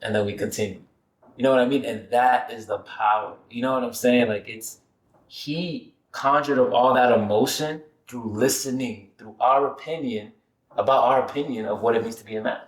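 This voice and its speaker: A man who leads a men's support circle, telling stories in an animated way in a casual podcast conversation. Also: medium pitch, normal speed. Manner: animated storyteller. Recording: echoey room.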